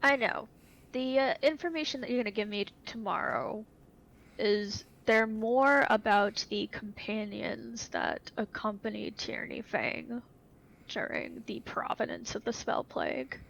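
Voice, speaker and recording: A woman with a fairly high, gravelly voice plays in a tabletop role-playing game. She speaks in a matter-of-fact way. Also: expressive, measured pace, a bit bright, rough recording. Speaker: player.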